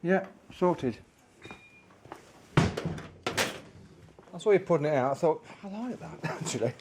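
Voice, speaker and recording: A man's voice: fairly high pitch, slow, very noisy. A man vlogging, chatting enthusiastically to camera in a pipe maker's showroom. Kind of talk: casual showroom chat to camera.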